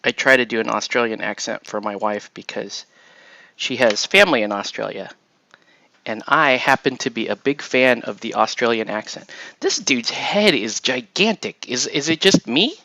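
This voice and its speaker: A man's voice: mid-range voice, normal speed, creaky, sharp tone, no room sound, low-quality recording. A man hosting a casual chat while assembling miniatures, rambling and chuckling as he trails off and restarts. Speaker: host.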